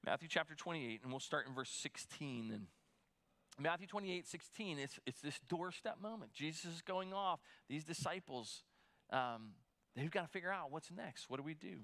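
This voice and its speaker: A man's voice: on the high side, expressive, normal speed, fairly bright tone. A man preaching a sermon as pastor, conversational and given to repeating words as he restarts.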